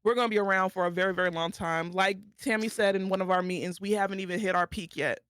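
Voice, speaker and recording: A woman's voice: mid-range voice, quick pace, a bit bright, dry recording, studio quality. A woman streamer, talking tearfully and affectionately to her friends in casual chat.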